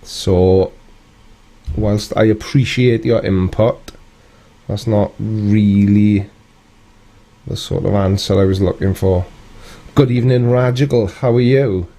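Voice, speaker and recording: A British man with a low, warm voice hosts a relaxed live stream, greeting viewers and replying to their comments in a loose, chatty style with a dry, wry edge. He takes it slowly and pauses often.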